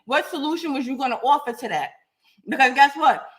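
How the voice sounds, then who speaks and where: A raspy woman, getting over a cold, hosting a live podcast and talking bluntly to commenters by name. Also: high voice, expressive, brisk. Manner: blunt, confrontational, addresses chat by name. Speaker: podcast host. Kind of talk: live-stream talk to commenters.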